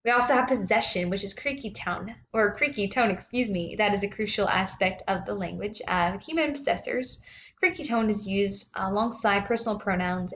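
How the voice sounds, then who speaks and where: A woman's voice: mid-range voice, a little hiss or hum. A woman giving a slide presentation on language, speaking hesitantly with many ums and uhs.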